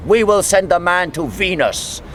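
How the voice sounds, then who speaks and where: A man's voice: high voice, expressive, unhurried, fairly bright tone, a little hiss or hum. A man putting on a boastful male cosmonaut giving a rousing, mock-solemn speech to a crowd.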